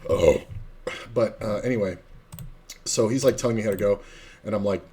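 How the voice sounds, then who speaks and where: A man's voice: lowish voice, moderate pace, warm tone, breathy edge. A man from South Florida, streaming poker and telling a long, profane, rambling story full of fillers. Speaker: streamer playing online poker. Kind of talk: casual storytelling chat while playing.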